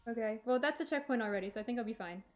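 A woman's voice: on the high side, racing, faint music behind. A woman streaming a video game, giving casual gameplay commentary and talking to herself, swearing when things go wrong.

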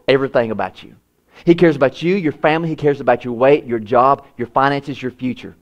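A man preaching a sermon, voice rising high when he acts out prayers and dropping low and soft for quiet lines. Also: fairly quick, muffled recording. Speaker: pastor.

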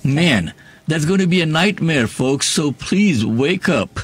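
A man's voice: fairly high pitch, lively intonation, takes it slowly, husky, no echo. A man with a non-native accent hosting political talk radio, talking in a blunt, emphatic, opinionated way. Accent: non-native English accent. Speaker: radio talk show host.

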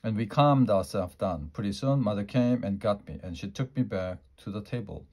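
A man reading a children's book aloud in a quiet, measured way. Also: fairly low pitch. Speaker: storyteller.

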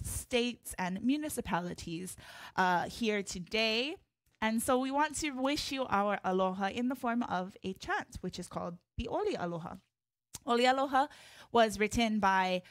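A woman teaching an online hula class, chatting to viewers by name in a friendly way and leading chants in long drawn-out tones. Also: medium pitch, no echo, clean studio sound.

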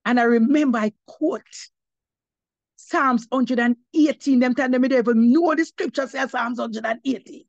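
A woman's voice: high voice, moderate pace, dry recording, lo-fi sound. A woman giving her testimony as an apostle, preaching to a congregation and slipping between English and patois, rising to emphatic cries of praise.

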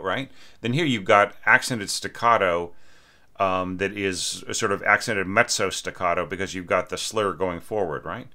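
A man reviewing a student's orchestral score in a loose, conversational way, often stopping to ask "right?" and starting his sentences over. His voice sits fairly low and sounds bright and forward. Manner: conversational, lots of "right?" and restarts, sings phrases. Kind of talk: casual critique lesson.

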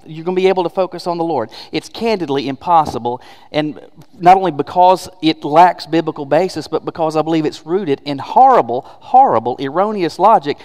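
Emphatic preacher in an echoing church. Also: male voice, on the high side, a little mellow. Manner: emphatic, conversational preaching with rhetorical questions. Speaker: pastor. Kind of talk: sermon. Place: church sanctuary.

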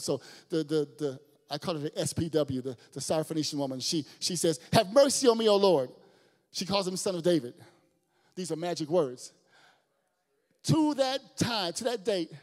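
A male pastor preaching a sermon with big swings, from shouted lines down to quiet, near-whispered ones. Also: sits high, in a large hall.

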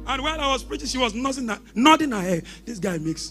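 A man preaching a sermon as pastor, shouting exhortations and breaking into sing-song lines. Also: high-pitched, lively intonation, moderate pace, hardly any pauses, soft background music.

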